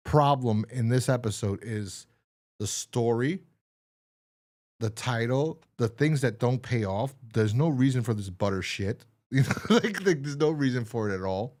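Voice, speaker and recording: Podcast guy rambling thru a recap, voice bouncing all over, middling pitch. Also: measured pace. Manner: rambling, lively, many fillers. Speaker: podcast co-host. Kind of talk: casual review chat.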